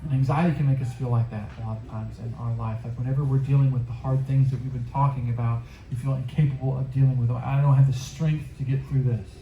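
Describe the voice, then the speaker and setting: A man's voice: medium pitch, flat delivery, fast talker, hardly any pauses, dull audio, a little hiss or hum. A man giving a casual youth sermon, telling stories in an earnest, conversational way. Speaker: youth pastor. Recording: roomy echo.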